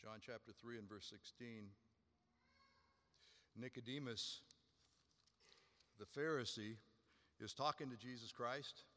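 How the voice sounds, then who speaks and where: Man preaching with bright, ringing emphasis. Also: fairly even intonation, slow pace, pauses often, in a large hall. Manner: emphatic preaching, swinging between loud high stresses and quiet low drops. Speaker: pastor. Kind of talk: sermon.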